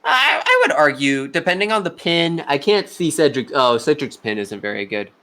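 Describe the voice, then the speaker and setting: A man's voice: a little high, very animated, moderate pace, sharp tone. A young man giving casual live play-by-play commentary on a video game golf tournament, chatty and talking straight to the players.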